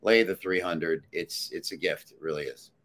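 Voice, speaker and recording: A man's voice: low-pitched, moderate pace, fairly bright tone. A man handicapper in casual sports talk, confidently and emphatically giving his betting picks.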